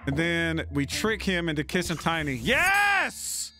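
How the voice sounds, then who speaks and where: A man hosting a let's play, talking loudly and profanely in casual gaming commentary. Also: fairly high pitch, wildly swooping pitch, a little slow, over music. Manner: loud, profane, frequent shouting and laughter.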